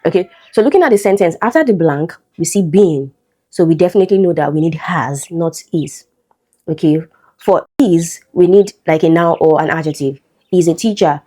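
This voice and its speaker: Low mellow-voiced woman tutor. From Nigeria. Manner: explanatory, checks in with frequent "okay?". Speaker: English exam tutor. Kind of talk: teaching a test-prep lesson.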